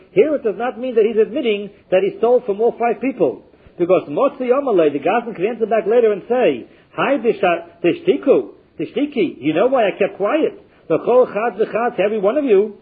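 A man's voice: high voice, breathy edge. A man teaching a Talmud lesson, reading short phrases and translating each one in turn with a chanting cadence. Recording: muffled phone-like recording.

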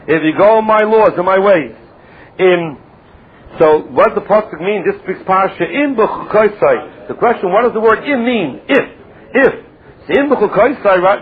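A man teaching a Talmud class, quoting Hebrew verses and then explaining them in English, often repeating words as he thinks. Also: high voice. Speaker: Torah teacher. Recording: tinny phone-like line with faint hiss.

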